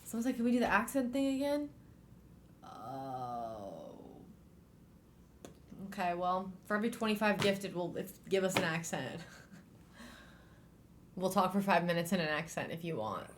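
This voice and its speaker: A woman co-hosts a casual livestream book club, talking fast and animated. Her pitch swoops up and down. A faint hum sits behind her voice. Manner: animated, quick, often laughing. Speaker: streamer co-host.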